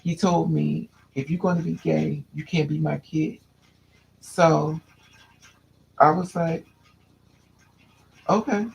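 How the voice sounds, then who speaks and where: Guy telling his own story, kinda high voice with a lot of fry, restarts his sentences a lot. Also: flat delivery, takes it slowly, long pauses, dull audio, a little hiss or hum. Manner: candid, restless, repeats and restarts phrases. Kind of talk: personal storytelling to a listener.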